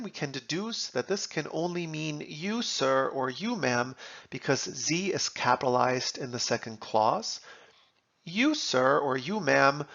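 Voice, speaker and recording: Slow, gravelly-voiced man teaching German. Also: fairly high pitch, a bit bright, dull audio. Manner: reads German examples then translates, slow and deliberate. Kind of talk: slow explanatory lesson.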